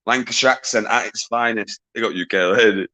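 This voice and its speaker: Man hosting a banter-filled quiz stream. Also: on the low side. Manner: banters with chat, quick shout-outs, swears casually, laughs often. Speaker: livestream quiz host. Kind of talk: casual live-stream chat.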